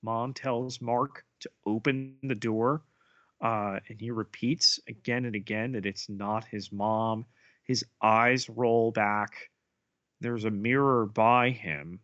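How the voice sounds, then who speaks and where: A man co-hosting a podcast, retelling a TV episode scene by scene in a measured way. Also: lowish voice, fairly even intonation, fairly bright tone, no room sound, highs cut off. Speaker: podcast co-host. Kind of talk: episode recap narration.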